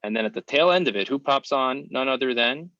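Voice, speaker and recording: A man's voice: medium pitch, lively intonation, a little fast, pushed and bright, dry recording. A man hosting a podcast interview, speaking in an earnest, encouraging way. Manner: earnest, encouraging, wraps up with reflections. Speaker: podcast host. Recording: dry, muffled lo-fi audio.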